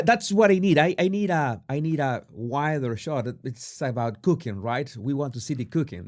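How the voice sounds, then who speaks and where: A man commenting casually on a video clip in a halting, sarcastic way, with frequent restarts. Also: mid-range voice. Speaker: body language commentator.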